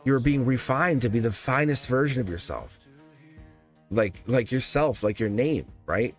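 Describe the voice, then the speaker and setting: Male tarot livestream host, mid pitch, loose rambling delivery with frequent chuckles, soft music under. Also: animated, moderate pace. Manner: rambling, repeats phrases, chuckles often. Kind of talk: live tarot reading, casual spiritual talk.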